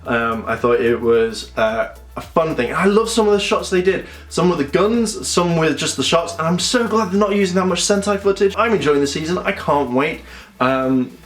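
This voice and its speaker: A young man, chatting casually as a video reviewer and acting out scenes in quick little voices. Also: a little high, lively intonation. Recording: echoey room with faint music.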